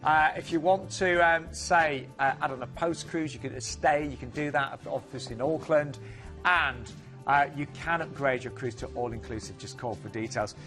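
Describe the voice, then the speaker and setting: A man's voice: a little high, moderate pace, a bit bright, faint music behind. A man co-presenting a TV cruise sales show, upbeat and pushing the offers. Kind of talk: casual studio sales chat.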